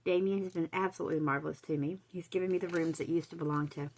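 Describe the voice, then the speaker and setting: A woman reading aloud, voicing a cheerful, kindly older woman who gushes slowly and warmly. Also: on the low side, fairly even intonation. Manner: gushing, warm, slow.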